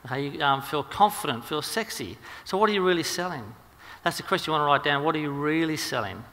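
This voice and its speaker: A man giving a rapid, energetic marketing seminar talk, full of ums and restarts. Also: fairly high pitch, in a large hall. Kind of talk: seminar presentation. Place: seminar hall.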